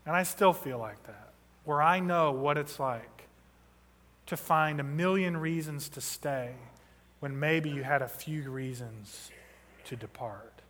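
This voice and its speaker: A pastor in his thirties preaches a sermon, telling a story that builds to impassioned emphasis. His voice is on the high side and fairly bright, and he takes his time. The recording carries the long reverb of a large hall.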